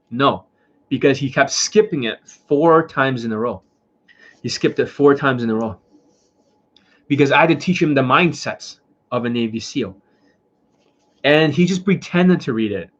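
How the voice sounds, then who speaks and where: A dating coach lectures his audience in a blunt, profane rant and hammers the same points over and over. His voice is a little husky and sits at an ordinary pitch for a man. The stream sounds muffled and lo-fi. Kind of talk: casual livestream rant.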